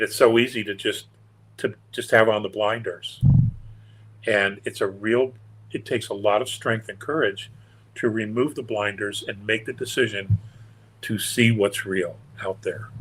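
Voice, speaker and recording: A man's voice: on the low side, steady tone, measured pace, pauses often, fairly bright tone, husky, low-quality recording. An older man, a guest on an interview show, telling stories in a meandering, earnest and wry way. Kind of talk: casual storytelling interview.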